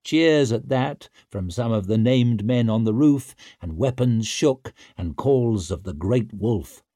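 A man narrating an audiobook in a steady, measured storytelling voice. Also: medium pitch, no echo, studio quality.

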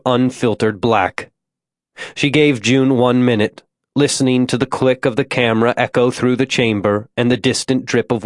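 A man narrates a suspense audiobook in a steady, measured storytelling voice. His pitch sits in the mid-range, and the studio-quality recording has no echo.

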